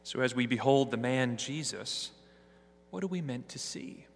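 A man reading scripture and preaching a sermon in a church, with a measured, earnest delivery. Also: medium pitch, lively intonation, gravelly, slightly rough. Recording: hall reverb.

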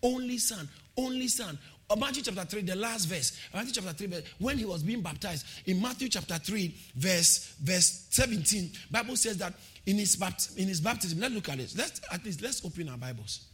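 High, lively, exhorting male preacher. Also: moderate pace. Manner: exhorting, repeats phrases, calls for shouts of response. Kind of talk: sermon.

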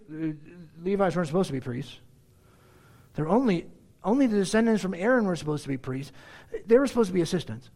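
A man preaching a verse-by-verse sermon with sarcastic asides and rhetorical questions, swinging between loud exclaims and hushed asides. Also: sits high, animated, fast talker. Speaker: pastor. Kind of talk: expository sermon.

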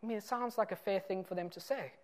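A man preaching a sermon, explaining a parable in an earnest way and moving between loud and soft emphasis. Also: sits high, fast.

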